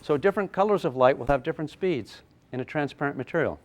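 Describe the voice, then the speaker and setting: An older man teaching a physics class, lively and playful, with sound effects and acted asides. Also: a little high, quick pace. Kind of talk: classroom lecture at a whiteboard.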